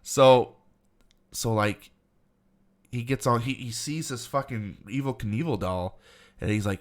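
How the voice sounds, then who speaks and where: A man co-hosting a movie podcast, retelling scenes in a loose, swearing, animated way and acting out the characters' lines. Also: lowish voice, normal speed, long pauses. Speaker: podcast co-host. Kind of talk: casual movie review chat.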